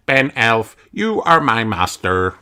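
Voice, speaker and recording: A man voicing an obedient male toy robot in a storybook reading, speaking flat, loud and repetitive. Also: medium pitch, slow, loud music behind the voice, pitched above the performer's own voice. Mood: robotic. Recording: noisy home recording.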